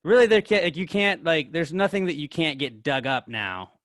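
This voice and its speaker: A man's voice: on the high side, animated, moderate pace, fairly bright tone, dry recording, clean studio sound. A man co-hosting a podcast, rambling through filler-heavy casual chat and getting worked up. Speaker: podcast co-host.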